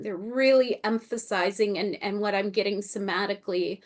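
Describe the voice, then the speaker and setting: A woman's voice: medium pitch, fairly even intonation, normal speed, hardly any pauses. A woman channeling on a video call, searching for words and laughing often, with phrases that repeat and trail off to a whisper. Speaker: Akashic Records channeler. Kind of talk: channeling in a group video meeting.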